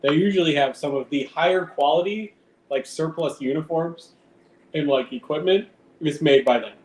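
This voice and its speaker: Live-streaming from home, a man rambles casually, swearing now and then and chatting to his cat. His voice is slightly high and moves at a moderate pace. The room sounds open, with faint background noise.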